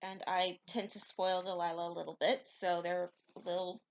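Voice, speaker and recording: A woman's voice: on the low side, flat delivery, normal speed, rough recording. A woman in casual, self-deprecating chat, laughing easily. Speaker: co-host.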